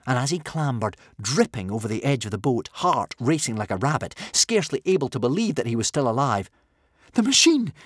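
Animated man reading a storybook. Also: medium pitch, brisk, few pauses, no room sound, clean studio sound. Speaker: narrator. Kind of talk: audiobook narration.

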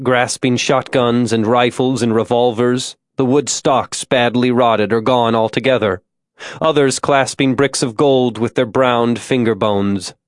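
A male narrator performs scripted narration of a suspense audiobook, his mid-range storytelling voice steady and measured. The audio is studio quality, with no echo.

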